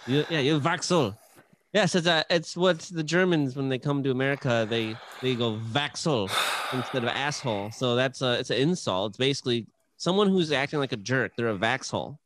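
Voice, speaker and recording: A man's voice: fairly quick, a bit bright, slight background noise. A man co-hosting a comedy podcast, rambling and laughing as he talks. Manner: rambling, laughing, jumps high in pitch. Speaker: podcast co-host. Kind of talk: casual comedic podcast banter.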